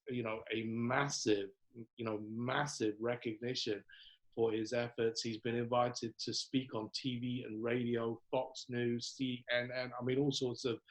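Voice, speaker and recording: A man hosting a live online coaching call, casual and upbeat, reeling off greetings with lots of fillers. His voice sits at an ordinary middle pitch. It comes through a video-call connection. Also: low-quality recording. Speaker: host.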